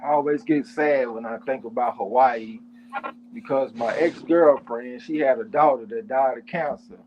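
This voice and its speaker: A man talking bluntly and profanely in relaxed, casual chat. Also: mid-range voice, moderate pace, highs cut off, background noise. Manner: blunt, profane, laid-back.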